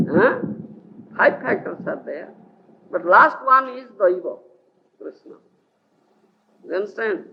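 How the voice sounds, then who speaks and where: On dull, faintly hissing archival tape, a male spiritual teacher from India lectures on scripture in a lecture hall. His voice is high-pitched and gravelly, and he's animated, repeatedly checking whether the audience is with him.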